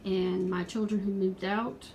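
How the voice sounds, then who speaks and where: A pet vlogger in her forties films a casual home video in her pet room, talking earnestly and, at points, pleading with viewers while out of breath. Her mid-range voice is a little mellow, flat and unhurried, and the recording is muffled with slight background noise.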